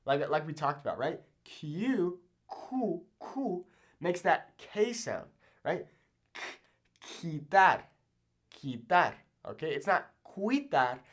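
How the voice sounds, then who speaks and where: A man's voice: a little high, slow pace. Young guy teaching spanish sounds, mexican spanish accent, bouncy voice that jumps all over, keeps saying okay?. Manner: animated, checks in with frequent "okay?". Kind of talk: casual video lesson.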